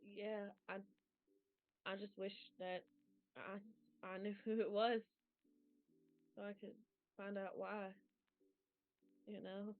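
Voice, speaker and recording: A woman voicing a grieving young woman who speaks softly and haltingly, over tinny stream audio with faint music. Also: mid-range voice, flat delivery. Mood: subdued. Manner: hesitant, soft, halting.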